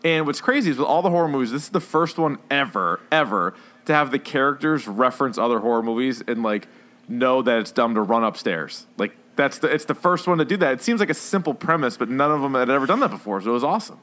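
Excitable man co-hosting a podcast. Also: medium pitch, fast. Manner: animated, excitable, swears freely. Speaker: podcast co-host. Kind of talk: casual chat.

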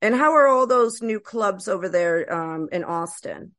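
A woman hosting a casual interview, warmly praising her guest and laughing often. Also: medium pitch, animated, a little slow. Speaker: podcast host.

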